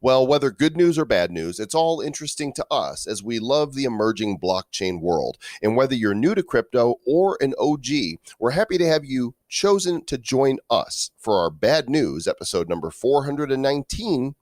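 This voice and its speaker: A man's voice: mid-range voice, lively intonation, moderate pace, hardly any pauses, a little mellow, no echo, studio quality. A man co-hosting a casual podcast, joking around and reading news and promos with playful emphasis. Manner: playful, jokey, reads promos with bursts of emphasis. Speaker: podcast co-host. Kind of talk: casual chat.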